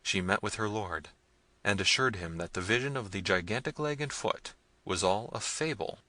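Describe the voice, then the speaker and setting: Low, bright-voiced male narrator. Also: no echo. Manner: measured storytelling. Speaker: audiobook narrator. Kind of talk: scripted narration.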